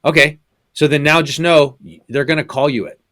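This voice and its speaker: Man guest, pastor type, measured and thoughtful, dry close sound. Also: on the high side, pushed and bright, dry recording. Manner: thoughtful, explains in steps with many ums. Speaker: pastor and professor, podcast guest. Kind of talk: casual podcast conversation.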